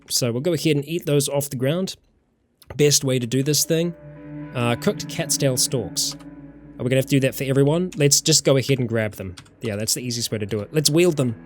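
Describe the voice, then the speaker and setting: A man from New Zealand with a New Zealand accent, casually commenting as he plays a survival game, thinking aloud and greeting viewers in chat. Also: medium pitch. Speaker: let's-play host. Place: warm room at home.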